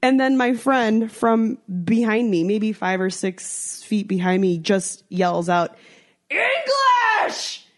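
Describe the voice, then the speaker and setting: A woman's voice: mid-range voice, takes it slowly, few pauses. A young American woman co-hosting a podcast, telling a travel story with lots of swearing and acted-out quotes. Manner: animated storyteller, swears freely, acts out quotes. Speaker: podcast co-host. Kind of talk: casual chat.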